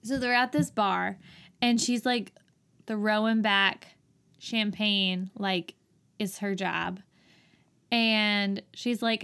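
A woman's voice: medium pitch, slow, long pauses, smooth. A woman chatting casually as she recaps a movie, acting out the characters' lines in playful voices. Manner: animated, acts out characters' lines with laughs.

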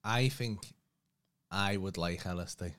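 A man's voice: low voice, takes it slowly, a bit bright. A man co-hosting a podcast in casual chat, teasing his partner and mimicking how she sounded. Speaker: podcast co-host.

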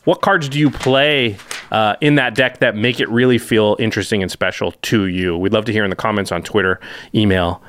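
A man hosting a podcast in casual chat, chatty and animated with lots of filler words. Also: lowish voice, fairly quick, slight background noise. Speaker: podcast host.

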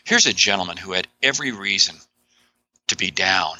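A man talking as a guest author in a podcast interview, animated and emphatic, with frequent exclamations. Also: low-pitched, moderate pace, rough recording.

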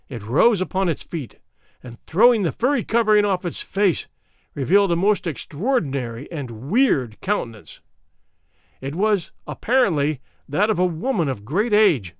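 A man's voice: high-pitched, no room sound, studio quality. A man narrating a classic adventure novel aloud in a dramatic, formal storytelling manner. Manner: lively, dramatic storytelling with an old-fashioned formal tone. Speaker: audiobook narrator.

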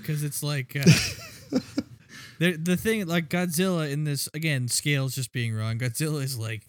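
A man's voice: on the high side, big pitch swings, measured pace, no echo. A man co-hosting a casual podcast, joking around and laughing often between remarks. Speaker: podcast co-host, engineer. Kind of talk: casual chat.

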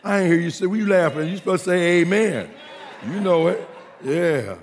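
A male pastor preaching a sermon to a congregation, with humorous asides and call-and-response that builds to shouting. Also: high-pitched, animated, moderate pace, in a large hall, slight background noise.

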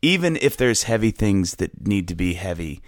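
A man's voice: low voice, very animated, moderate pace, dry recording, studio quality. A middle-aged man chatting casually as an interview guest, rambling, restarting his sentences and often laughing. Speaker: podcast guest, musician.

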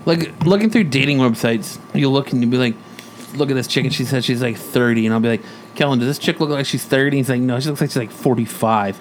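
A man's voice: mid-range voice, fast talker. A rowdy man swaps crude stories on a casual podcast and laughs often. His voice sits in a middle range and his swearing is easygoing. A faint hiss of background noise runs under the talk. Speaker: podcast co-host. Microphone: studio mic in shared room.

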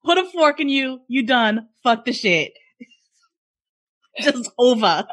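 A woman's voice: a little high, sing-song, slow pace, a bit bright. Playful woman podcast host. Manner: teasing, playful. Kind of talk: casual podcast chat.

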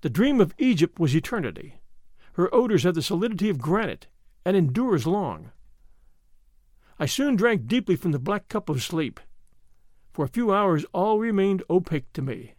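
A man reads a first-person story in an expressive, storytelling way. His voice sits high and moves a lot in pitch, and the recording is close and dry with no room sound. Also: moderate pace, no room sound. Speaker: audiobook narrator. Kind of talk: scripted narration.

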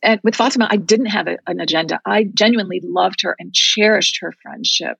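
A woman's voice: medium pitch, brisk, gravelly, a bit bright, breathy edge, no echo, highs cut off. A woman guest telling a personal faith story in an earnest, heartfelt, reflective way. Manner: heartfelt, reflective, speaks of prayer and scripture.

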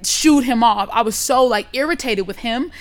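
A woman's voice: fairly high pitch, normal speed. A woman in casual chat, telling a story with lots of profanity and acting out what people said. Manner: animated storytelling, profane, acts out quotes.

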